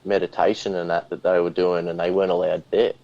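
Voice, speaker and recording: An Australian man chats as a podcast guest, laid-back and rambling, dropping "and that" at the end of his thoughts. His voice sits a little low. The sound is dull and lo-fi, as if it came through a remote call. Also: level tone, fast talker, no room sound. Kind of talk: casual chat.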